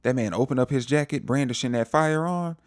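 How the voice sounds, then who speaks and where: A man recapping a TV episode in a casual, animated storytelling way, acting out the characters' lines. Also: medium pitch, brisk, no echo, studio quality. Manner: animated storytelling, acts out quotes. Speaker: TV recap vlogger.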